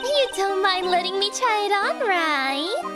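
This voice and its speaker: A woman's voice: very high voice, very animated, a little slow, heavily acted. A woman voicing a cheerful, oblivious young circus performer in a video game, in a chirpy, breezy manner. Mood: delighted. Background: game music.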